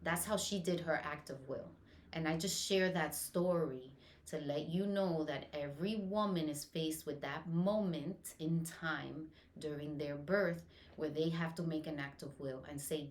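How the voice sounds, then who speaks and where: A woman's voice: low-pitched, unhurried, a little hiss or hum. A woman who attends births, teaching the stages of labor in an earnest, reassuring way and often checking in with "okay?". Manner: earnest, reassuring, repeats key points with "okay?". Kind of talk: teaching talk on childbirth.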